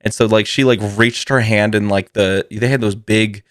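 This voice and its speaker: A man's voice: on the low side, steady tone, normal speed, no room sound. A man hosting a podcast, telling a comedic story in a rambling way, swearing freely and laughing often. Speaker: podcast host.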